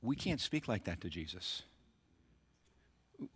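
A man's voice: lowish voice, very animated, a little slow, long pauses, fairly bright tone, breathy edge, no echo, studio quality. A middle-aged man preaching a sermon as pastor, building to emphatic surges and talking directly to the congregation.

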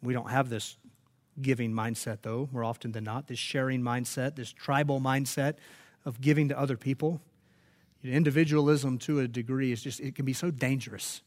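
A man's voice: medium pitch, steady tone, normal speed, darkish tone. A man preaching a sermon, telling stories and rising to emphatic peaks. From United States. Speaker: pastor.

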